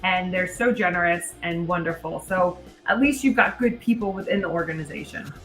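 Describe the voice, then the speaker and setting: A woman's voice: fairly low pitch, fairly quick, fairly bright tone, faint music behind, rough recording. A woman in her thirties, a guest on a sports podcast, chatting casually and laughing often. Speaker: podcast guest, American football coach. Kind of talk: casual chat.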